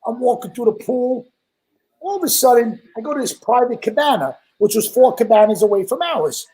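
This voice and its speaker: A man from Staten Island with a New York accent, telling a profane, animated anecdote as a guest in casual chat. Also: very high voice, a little fast, breathy edge, poor audio. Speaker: guest storyteller.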